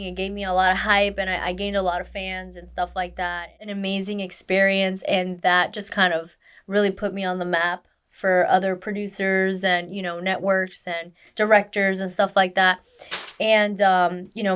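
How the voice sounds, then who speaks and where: A woman's voice: fairly low pitch, clear, resonant tone. Young woman chatting on a podcast, voice jumps up when she quotes people, lots of likes and ums. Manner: animated, acts out quoted dialogue, many fillers. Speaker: stunt performer guest. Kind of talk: casual interview storytelling.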